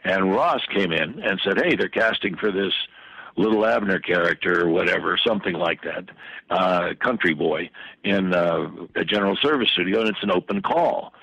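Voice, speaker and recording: An older man, a podcast guest, telling long rambling anecdotes full of fillers and restarts in a husky voice. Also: deep voice, moderate pace, a bit bright, no room sound, highs cut off. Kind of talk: anecdotal storytelling in a podcast interview.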